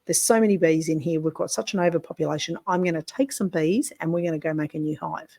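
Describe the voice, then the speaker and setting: A woman's voice: sits low, quick pace, gravelly, warm tone. A woman voicing an old queen bee who is flustered and exclaiming that the hive is too crowded. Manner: exclaiming, casual swearing.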